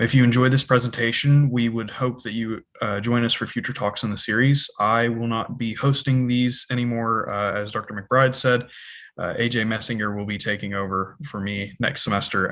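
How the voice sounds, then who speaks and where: A man's voice: medium pitch, fairly bright tone. A young man with an ordinary mid-range voice hosts a student physics talk series. He reads the guest's introduction in an earnest way, with an occasional "um" between sentences. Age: young adult. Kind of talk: reading a speaker introduction.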